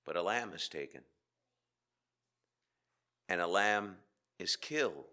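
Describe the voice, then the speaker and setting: In a church, a man preaches a sermon full of rhetorical questions and dramatic pauses, moving between loud emphasis and hushed asides. His deep voice has lively intonation.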